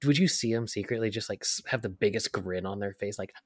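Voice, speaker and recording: A man's voice: on the low side, fast talker, no room sound, clean studio sound. A man co-hosting a casual podcast chat, rambling with lots of "like" and fillers. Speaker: podcast co-host.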